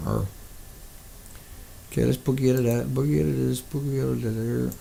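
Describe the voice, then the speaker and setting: A man's voice: medium pitch, steady tone, fairly quick, vocal fry, mellow, a little hiss or hum. A man delivering an angry, profane rant to his viewers, hurling insults. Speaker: video blogger.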